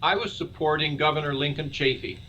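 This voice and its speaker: Older man, earnest and bright-toned. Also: fairly high pitch, brisk. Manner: earnest, speechmaking, rhetorical questions. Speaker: guest, presidential candidate. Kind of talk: live interview. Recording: dull lo-fi sound with faint noise.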